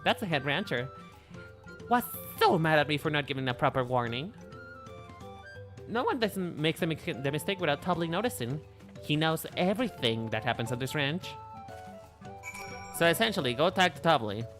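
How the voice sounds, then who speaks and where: A man's voice: fairly high pitch, animated, normal speed, long pauses, a bit bright. A man casually reading a chatty female alpaca rancher's game lines aloud, stumbling now and then. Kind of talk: casual dialogue read-along. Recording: faint background music.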